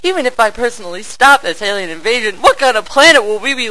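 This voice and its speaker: A man giving over-the-top, theatrical narration while playing a shooter game, full of shouty bravado. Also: very high-pitched, expressive, fast, hardly any pauses, poor audio. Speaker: game player. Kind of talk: hammy gameplay narration.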